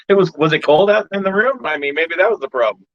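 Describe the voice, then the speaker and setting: A man's voice: a little high, lively intonation, fast talker, no echo. A man hosting a casual livestream, easygoing and laughing along as he shares his own mistakes with snakes. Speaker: livestream host, reptile breeder. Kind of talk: casual chat. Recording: dull lo-fi stream audio.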